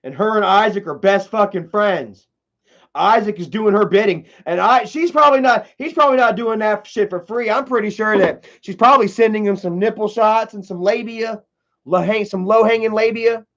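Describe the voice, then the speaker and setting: A man with a high voice tells a family story on a livestream, swearing and rambling through lots of "you know" and "man". The sound is dull and lo-fi. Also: normal speed, a bit bright. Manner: profane, rambling, heavy fillers.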